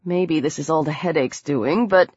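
A headachy teenage boy speaks in a lowered, hesitant voice, put on by a woman reading an audiobook. He sounds unsure and worn. The recording is dull, dry and close. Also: moderate pace, darkish tone, slightly rough, no echo. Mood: uneasy.

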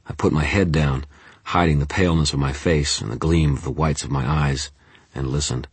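Male audiobook narrator, first-person, tense and steady, very deep voice, husky, dry close mic. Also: no room sound.

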